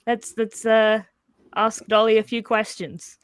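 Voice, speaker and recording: A woman's voice: fairly high pitch, little pitch movement, clean tone, no room sound. Chatty woman game master, dry sound. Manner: chatty, laughing, halting restarts. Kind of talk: running a tabletop game.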